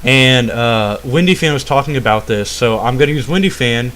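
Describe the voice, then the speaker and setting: A man's voice: medium pitch, normal speed, a bit bright, slight background noise. Rambling, foul-mouthed young man ranting. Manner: swears constantly, keeps asking "all right?"; rambling, full of "uh" and restarts. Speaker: channel host. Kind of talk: profane gaming rant.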